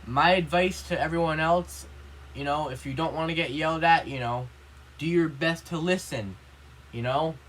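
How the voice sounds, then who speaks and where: A man's voice: a little high, moderate pace, a bit bright, rough recording. Rambling young man ranting to camera. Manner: rambling, heavy on "you know" and "like"; earnest and upset. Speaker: vlogger. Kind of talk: casual rant to camera.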